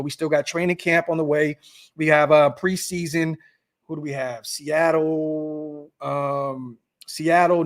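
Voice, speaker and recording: A man hosting a casual sports podcast, speaking straight to his viewers in a slightly high voice. He talks with animated energy. He loops back on his own phrases and restarts them as he goes. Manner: animated, repeats himself, many restarts and fillers. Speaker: podcast host.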